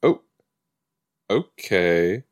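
A man's voice: low-pitched, expressive, extremely slow, clean tone. A man hosting a podcast, chatting casually while watching a TV episode, rambling with lots of "like" and "you know". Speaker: podcast host. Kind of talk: casual watch-along commentary.

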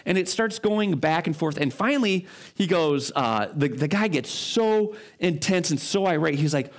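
Brief: male pastor, conversational sermon delivery, slightly high voice, casual and rambling. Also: animated, normal speed. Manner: informal, frequent fillers and restarts, rhetorical check-ins.

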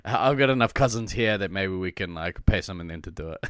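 A man co-hosting a podcast in casual chat, his voice a little rough from being sick, laughing often and rambling with many fillers. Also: low voice, animated, brisk, fairly bright tone, no echo, studio quality. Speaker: podcast co-host.

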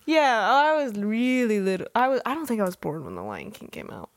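A woman's voice: on the high side, big pitch swings, background noise. A woman in her twenties co-hosting a podcast, chatting casually, telling childhood stories and laughing easily. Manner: chatty, storytelling, quick to laugh. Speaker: podcast co-host. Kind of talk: casual chat.

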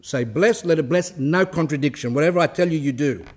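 A man voicing a harsh, bossy older carpenter monk who yells orders. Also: fairly high pitch, a little fast, lightly acted. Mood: demanding. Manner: yelling, bossy.

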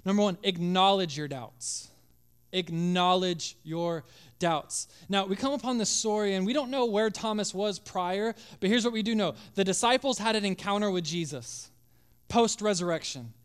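A male pastor preaching a sermon with passion, acting out voices and dropping to a hush at times. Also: high-pitched, animated, moderate pace, smooth. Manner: impassioned, acts out biblical voices, drops to hushed tones.

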